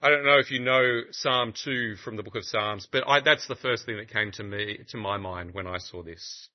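A man preaching a sermon in an animated, conversational way, with humorous asides to the congregation. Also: lowish voice, moderate pace. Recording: muffled lo-fi recording.

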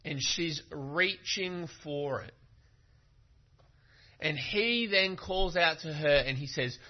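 A man's voice: on the high side, lively intonation, slow pace, pauses often. A male preacher giving a sermon, retelling a story and pressing his point with rhetorical questions, on a muffled recording.

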